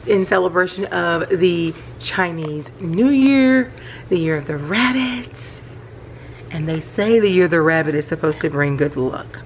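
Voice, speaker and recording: A middle-aged woman, chatting casually about her hobby at home at night and gushing with excitement. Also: on the low side, a little slow, a little hiss or hum. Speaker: planner vlogger. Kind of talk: casual show-and-tell vlog.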